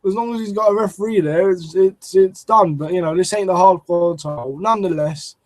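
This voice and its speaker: A man's voice: high-pitched, fairly quick, no room sound, low-quality recording. A man reviewing a wrestling show in a casual, rambling way, swearing and restarting his sentences often. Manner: rambling, profane, lots of restarts and fillers.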